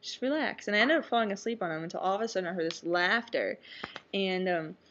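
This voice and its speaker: A woman's voice: lowish voice, quick pace, noisy background. A young woman telling a rambling personal story in a casual vlog, full of fillers and little asides. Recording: dull lo-fi webcam audio.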